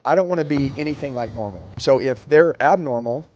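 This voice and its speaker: A man in a rapid motivational rant, scornfully listing one complaint after another. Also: medium pitch, lively intonation, darkish tone, a little hiss or hum. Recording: dull, dry lo-fi sound.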